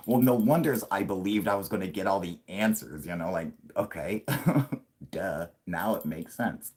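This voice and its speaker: A man's voice: fairly low pitch, lively intonation, moderate pace, husky. A man hosting a casual late-night livestream, talking in a rambling, profane way and laughing often. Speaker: livestream host.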